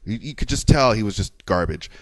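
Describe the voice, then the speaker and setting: A man's voice: fairly low pitch, a little fast, slight background noise. A man co-hosting a podcast, telling a rant story with lots of swearing and acted-out quotes. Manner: animated storyteller, swears freely, acts out quotes. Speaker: podcast co-host. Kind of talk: casual chat.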